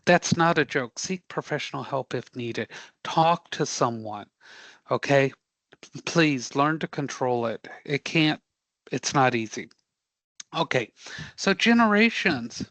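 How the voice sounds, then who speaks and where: Bright, joking male instructor. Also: mid-range voice, takes it slowly, no room sound. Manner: animated, joking, audience-engaging. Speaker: career prep instructor. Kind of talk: live class lecture.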